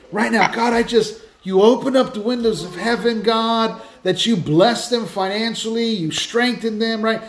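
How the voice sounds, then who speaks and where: A man hosting a Christian podcast, telling stories in a lively, casual way with many restarts. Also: high-pitched, normal speed, hardly any pauses, roomy sound. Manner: animated storytelling with many restarts. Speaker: podcast host, Christian speaker. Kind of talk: casual faith talk.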